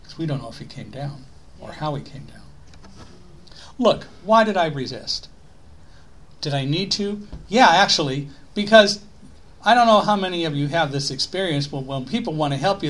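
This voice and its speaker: A middle-aged man telling a story to an audience, animated and given to rhetorical questions. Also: high-pitched, moderate pace. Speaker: speaker. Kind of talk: storytelling talk.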